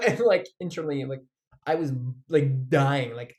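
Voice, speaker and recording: A man's voice: fairly high pitch, lively intonation, unhurried. A man vlogging in a casual, rambling monologue, full of "like", swearing and frequent laughs.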